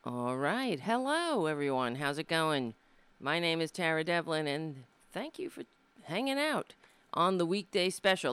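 A woman's voice: low-pitched, big pitch swings, unhurried, fairly bright tone, clean tone. Foul-mouthed sardonic woman host. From Brooklyn, USA. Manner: profane, sardonic, rambling. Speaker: comedian and show host. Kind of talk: casual live-stream monologue. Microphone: desk microphone.

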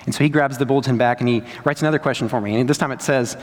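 A young adult man, preaching a sermon as a pastor in a conversational, storytelling way with lively asides. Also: mid-range voice, racing, few pauses. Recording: long hall reverb.

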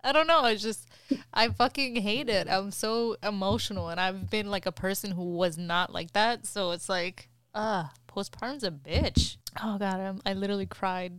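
A young woman in casual chat, candid and expressive, laughing often and swearing freely. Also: medium pitch, moderate pace, clean tone.

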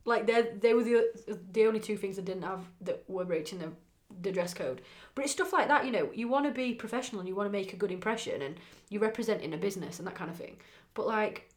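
A woman's voice: medium pitch, fast talker, hardly any pauses. Woman co-host, English, casual rambling chat, mid-range voice. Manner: chatty, rambling, lots of "like" fillers. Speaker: podcast co-host.

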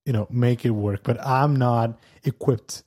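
A man's voice: medium pitch, fairly even intonation, a little slow, mellow. A man hosting a weekly podcast, chatting casually with a co-host, laughing often and restarting his sentences.

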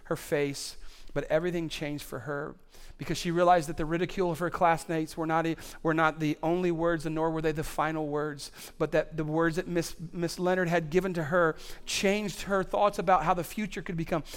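A man preaching a sermon as pastor, building his points through repetition until he is nearly shouting. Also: on the high side, flat delivery, brisk, few pauses, clear, resonant tone. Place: church auditorium on stage.

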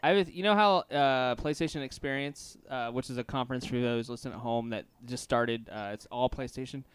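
A man co-hosting a podcast in casual chat, excitable and swearing freely, with frequent laughs. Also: mid-range voice, fairly quick. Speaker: podcast co-host.

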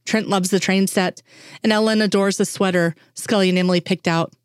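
A woman reading fan fiction aloud in a steady, unhurried way. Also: mid-range voice, smooth, no room sound, studio quality. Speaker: reader.

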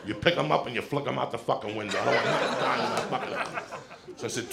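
Gravelly, profane middle-aged comedian man. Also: mid-range voice, fast, crowd noise. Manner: profane, animated, frequent "right?" asides. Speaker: stand-up comedian. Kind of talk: stand-up storytelling. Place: comedy stage with audience.

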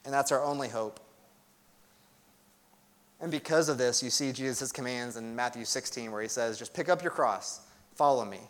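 A young adult man preaching a sermon as pastor, earnest and emphatic, with conversational asides. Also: on the high side.

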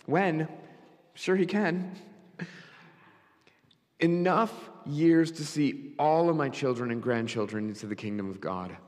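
A middle-aged pastor preaching a sermon, telling stories and swinging between loud emphatic lines and quick low asides. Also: male voice. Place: church. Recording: church hall with long reverb.

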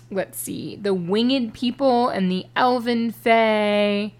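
A woman co-hosting a podcast about a book, talking in a wry, casual way with frequent laughs and hesitant "um"s. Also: medium pitch. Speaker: podcast co-host reviewing a book. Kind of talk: casual chat.

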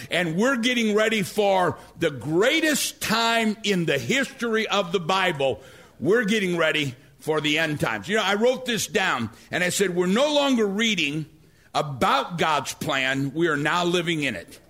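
Middle-aged guy preaching, lively storyteller, gets loud n excited. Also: high voice. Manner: animated storytelling preacher, rising to near-shouts. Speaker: pastor. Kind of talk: sermon.

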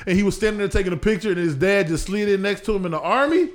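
A man co-hosting a podcast in casual banter, loud and profane, quick to laugh. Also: high-pitched. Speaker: podcast co-host.

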